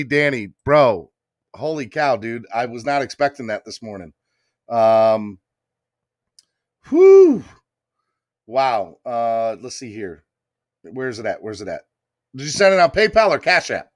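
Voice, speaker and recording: A man hosting a casual sports podcast, his voice sitting in a middle register. He is emotional and excitable, full of fillers and restarts. The sound is dry and close. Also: mid-range voice, dry recording. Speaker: podcast host. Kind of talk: casual live-stream chat.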